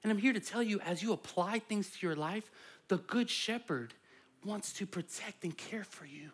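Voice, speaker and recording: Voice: mid-range voice, moderate pace, slightly rough. A pastor and parent preaching a sermon in a conversational, playful way. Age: adult parent.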